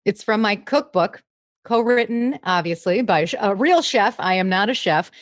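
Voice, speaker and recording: A woman's voice: mid-range voice, lively intonation, moderate pace, no room sound, clean studio sound. A woman comedian chatting as a guest, bubbly as she tells a story. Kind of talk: casual chat.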